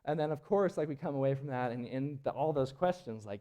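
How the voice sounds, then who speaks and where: A man's voice: mid-range voice, animated, brisk, dark tone. Rambling man telling a climbing story. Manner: casual, rambling, full of fillers and restarts. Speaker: search and rescue team member and climber. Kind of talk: live presentation storytelling. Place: auditorium at a public event.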